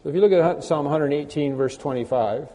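A man preaching a conversational sermon, often clearing his throat and repeating words. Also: a little high, fairly quick, dark tone. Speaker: pastor. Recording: long hall reverb.

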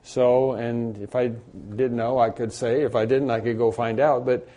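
A man preaching an unscripted sermon, often restarting his sentences and rising and growing louder on his emphatic points. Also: mid-range voice, fairly even intonation, moderate pace. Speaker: pastor.

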